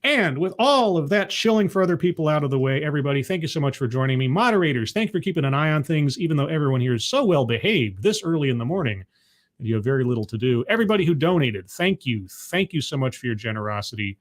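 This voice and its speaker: A man's voice: a little high, sing-song, quick pace. A man signing off a live stream in a rambling, self-deprecating way, with frequent restarts. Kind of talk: casual live-stream sign-off.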